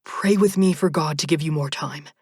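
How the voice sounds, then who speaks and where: An anxious young man voiced by a woman in an audiobook. He asks questions slowly in a low, somewhat husky tone. The recording is dry. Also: a little mellow, dry recording. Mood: worried. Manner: anxious, earnest. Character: worried young man, gentle. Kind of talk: audiobook narration.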